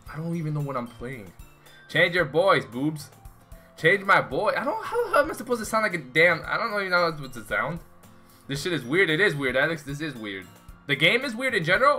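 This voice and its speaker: A man's voice: fairly high pitch, sharp tone. A young man streaming a game, rambling and swearing in exasperation while he chats with viewers and friends. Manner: talks to chat and friends. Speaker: gaming streamer. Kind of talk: casual live-stream commentary.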